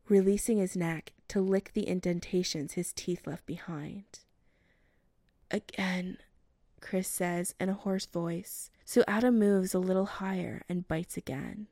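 A woman narrating a romance story as an audiobook reading, slow and even. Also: fairly low pitch, no room sound, clean studio sound.

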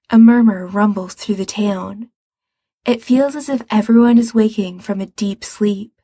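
A woman narrates a story in a soft, breathy voice, taking her time with each line. Her pitch sits in an ordinary middle range. The recording is close and dry. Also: no room sound. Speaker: audiobook reader. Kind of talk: storybook narration of fan fiction.

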